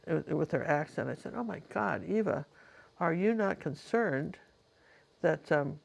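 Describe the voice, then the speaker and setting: A woman's voice: on the low side, a little mellow. A woman, a painting teacher, casually telling a personal story in a chatty, rambling way with lots of asides.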